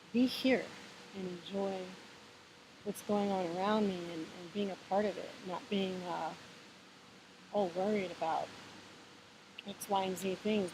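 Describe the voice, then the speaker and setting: A woman at home talks in a loose, unhurried monologue about spiritual balance, full of fillers and self-corrections. Her voice sits at a middling pitch. A clear, constant hiss runs under the whole recording. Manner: relaxed, meandering, encouraging, many fillers and restarts. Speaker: vlogger sharing spiritual advice. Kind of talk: casual reflective monologue.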